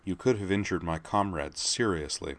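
A man voicing a young female vigilante who speaks quietly and slowly with cold menace. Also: low voice. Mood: menacing. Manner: quiet, slow and threatening.

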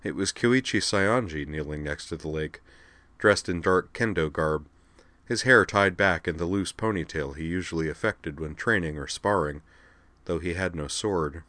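A man reading a story aloud as an audiobook narrator, in a steady, even storytelling manner. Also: deep voice, moderate pace, no room sound. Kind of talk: scripted narration.

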